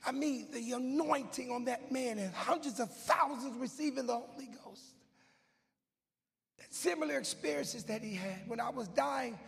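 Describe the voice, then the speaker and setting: A man preaching a sermon as he tells a story, swinging from hushed whispers to loud shouting, with a loud, goofy manner. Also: very high-pitched, moderate pace, creaky. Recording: long hall reverb with faint music.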